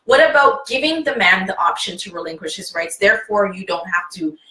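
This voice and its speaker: Host, woman, bright and forceful tone, a little far from the mic in an echoey room. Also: medium pitch, expressive, fairly quick. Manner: leads the talk, poses questions, acts out scenarios. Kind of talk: casual panel discussion.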